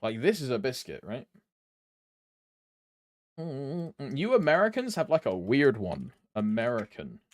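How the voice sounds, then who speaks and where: A man's voice: mid-range voice, wildly swooping pitch, a little slow, long pauses, no echo. A young British man streaming a game, chatting loosely with viewers, rambling and swearing casually. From Britain. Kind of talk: casual live-stream chat.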